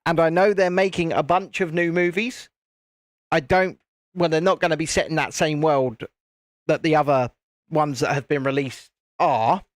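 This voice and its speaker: A man's voice: fairly high pitch, steady tone, normal speed, no echo, studio quality. A British man hosting a livestream, chatting casually with viewers while he builds, and laughing often. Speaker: livestream host.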